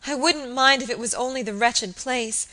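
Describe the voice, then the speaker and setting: A woman voicing a distraught young maid who pleads and sobs in a high, loud, frantic voice. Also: moderate pace. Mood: panicked.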